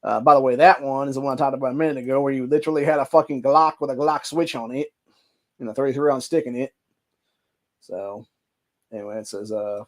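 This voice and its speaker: A man with an Ohio accent, hosting a show, reading news articles aloud and breaking into heated, profane rants. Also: fairly high pitch. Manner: heated, profane ranting between stretches of reading. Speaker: podcast host.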